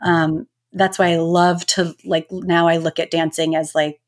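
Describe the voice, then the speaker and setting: A woman in her thirties, a mindfulness teacher, talking as a guest in a relaxed, reflective way with lots of filler words. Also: low voice, unhurried. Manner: reflective, gentle, many filler "likes". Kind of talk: casual interview talk.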